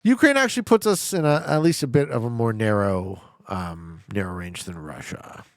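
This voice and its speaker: A Canadian man streaming a game, bantering loosely with his chat and cursing when a guess goes wrong. His gravelly voice swings widely in pitch as he jokes and reacts. The sound is dry and close, with no room around it. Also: moderate pace, dry recording. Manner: profane, excitable, joking banter with chat. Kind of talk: casual live-stream commentary while playing.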